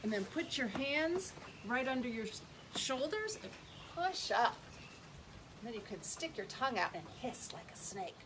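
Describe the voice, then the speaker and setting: A woman's voice: a little high, big pitch swings, normal speed, noisy background. A woman leading a playful yoga lesson for young children, speaking in a sing-song way. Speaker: early childhood educator leading kids' yoga.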